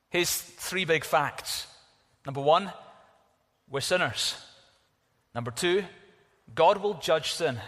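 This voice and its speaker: A man preaching a sermon, emphatic, telling stories in an animated way. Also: a little high, in a large hall.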